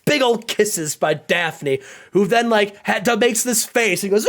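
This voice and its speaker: A man's voice: sits high, normal speed, few pauses. A man hosting a playful game commentary, chatting and retelling scenes with laughs. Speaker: gaming channel host.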